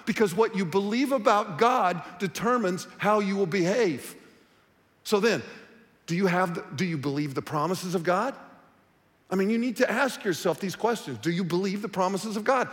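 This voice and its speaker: A man's voice: high-pitched, moderate pace, long reverb tail. A man preaching a sermon as pastor, talking to the congregation in a conversational, direct way.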